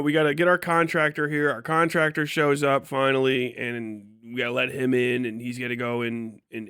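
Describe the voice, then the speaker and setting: A man's voice: mid-range voice, clear, resonant tone, no room sound, studio quality. A man from Kentucky telling a story on his livestream, swearing freely and laughing often. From Kentucky, USA. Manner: profane, animated retelling, frequent laughs. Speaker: live streamer.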